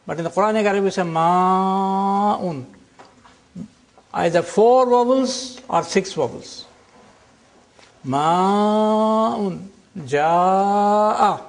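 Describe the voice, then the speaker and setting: An older man teaching a classroom lecture, explaining slowly and deliberately and drawing out example words. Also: high-pitched, darkish tone.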